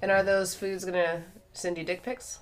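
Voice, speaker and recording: A woman's voice: on the low side, little pitch movement. Teasing woman on a comedy podcast. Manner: teasing, quick to laugh. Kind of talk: casual comedic chat.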